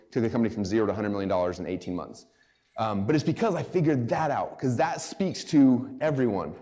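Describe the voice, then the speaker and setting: Brief: rapid-fire male seminar speaker, mid-pitched, excitable and chatty, talking directly to a small audience. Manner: excited, casual, heavy use of "like". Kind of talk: live seminar talk to a small group. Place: live event room.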